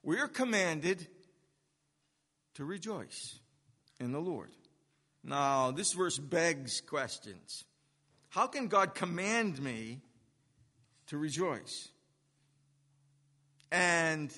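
A male pastor delivers a sermon in a high, bright voice, taking his time and hammering key words with repetition. His words ring out with a long reverb from a large church hall. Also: sing-song. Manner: deliberate preaching with emphatic repeated phrases.

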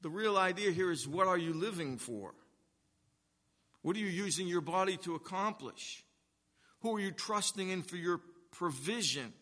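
A man preaching a sermon, earnest and emphatic, slowing down to stress key words. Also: sits high, animated, a bit bright. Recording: long reverb of a hall.

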